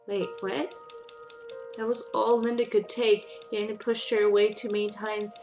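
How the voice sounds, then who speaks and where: A woman's voice: medium pitch, steady tone, fairly quick, faint music behind. A woman gamer doing let's play commentary, reacting emotionally with frequent exclamations and reading the game's text aloud.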